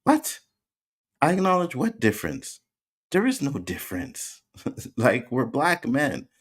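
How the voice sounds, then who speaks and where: A man's voice: mid-range voice, big pitch swings, measured pace, breathy edge. A Canadian man with some Jamaican slang, hosting a livestream and emphatically arguing back at his chat, repeating his points. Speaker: host. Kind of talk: livestream commentary reacting to chat.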